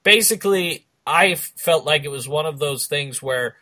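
A man hosting a sports show, steering the talk in a casual, halting way. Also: a little high, sharp tone.

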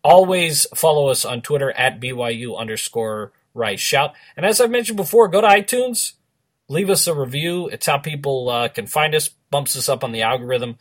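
A man's voice: mid-range voice, animated, moderate pace, fairly bright tone. A man with a Boston accent hosting a casual sports podcast, joking through the sign-off. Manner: jokey, upbeat sign-off banter. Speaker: podcast host.

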